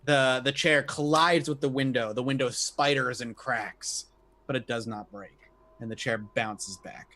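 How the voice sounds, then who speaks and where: A man's voice: medium pitch, fairly even intonation, unhurried, sharp tone. A man narrating as game master of a tabletop role-playing game, laid-back and chuckling.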